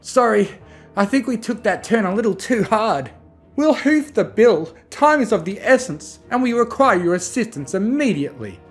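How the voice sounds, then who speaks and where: A prim, refined unicorn lady, haughty and theatrical, as a male narrator puts her on. Her voice sits high and swoops with lively inflection. This is storybook reading with faint music underneath. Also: normal speed. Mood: urgent. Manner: haughty, exclamatory.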